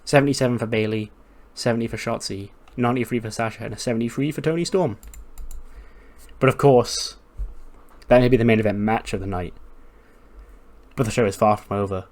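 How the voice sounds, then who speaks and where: A man's voice: medium pitch, brisk, long pauses, darkish tone. Casual male let's-play narrator, swears, chuckles. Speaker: gaming YouTuber.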